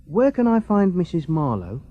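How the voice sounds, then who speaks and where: A man's voice: sits high, wildly swooping pitch, moderate pace, highs cut off, pitched above the performer's own voice. A man voicing a young male student starting as a night cleaner, polite and earnest, in a storybook reading. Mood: eager.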